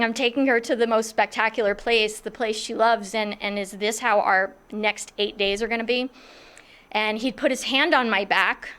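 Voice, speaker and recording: A middle-aged woman telling a personal story in a lively, self-mocking way, acting out what others were thinking. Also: on the high side, normal speed. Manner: animated, self-mocking, acts out others' thoughts.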